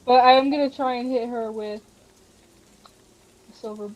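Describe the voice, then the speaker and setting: A woman with a fairly high voice plays in a casual tabletop game. She speaks tentatively and checks her options before she acts. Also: steady tone, normal speed, muffled recording. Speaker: player.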